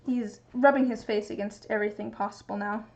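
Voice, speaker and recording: A woman's voice: medium pitch, steady tone, brisk, darkish tone. A young woman streaming casually, chatting to viewers and cooing at her cat in a baby voice. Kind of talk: casual livestream chat. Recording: muffled lo-fi stream audio.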